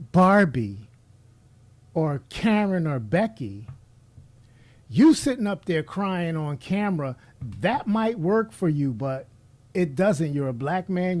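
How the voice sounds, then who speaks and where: The voice is on the high side and a little mellow, belonging to a middle-aged commentator. In a blunt, preachy monologue, he addresses the person he's criticizing directly.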